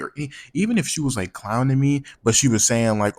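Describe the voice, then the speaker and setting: A man's voice: medium pitch, animated, fast, few pauses. A man telling a personal story in a casual storytime monologue, slangy and profane, rambling and repeating words.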